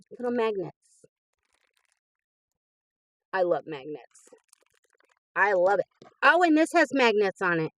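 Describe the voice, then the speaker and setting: A woman hosts her craft channel in a relaxed unboxing chat. She gushes over each item with soft laughs, talking at a middling pitch. The sound is dry and close. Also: no room sound, poor audio. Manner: chatty and gushing, with soft laughs.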